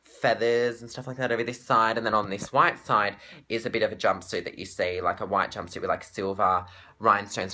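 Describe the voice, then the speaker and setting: An excitable Australian man talks straight to camera in a casual fan vlog. His voice is bright and forward. He gushes breathlessly and swears without a second thought. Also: lowish voice, a little fast. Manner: gushing, breathless and swearing freely. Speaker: pop fan vlogger.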